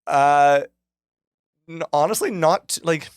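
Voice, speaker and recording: A man guest on a podcast, chatting casually and telling lively stories about his old sales jobs. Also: on the high side, slow pace, smooth, no echo, studio quality. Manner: animated storyteller acting out phone calls. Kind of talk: casual chat.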